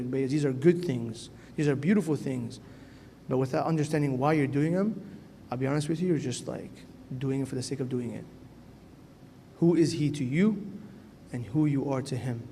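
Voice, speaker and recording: A man's voice: medium pitch, dark tone. A man who is a priest, giving an earnest, conversational sermon to young people in a church. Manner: earnest and conversational, often asks "right?". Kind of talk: sermon to a youth gathering. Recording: echoey church hall, faint noise.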